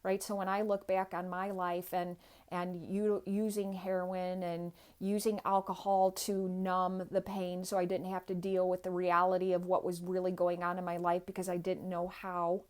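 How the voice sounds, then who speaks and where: A woman's voice: on the low side, monotone, moderate pace, few pauses, darkish tone. A woman giving an earnest, inspirational personal talk as a guest, speaking straight to the viewers.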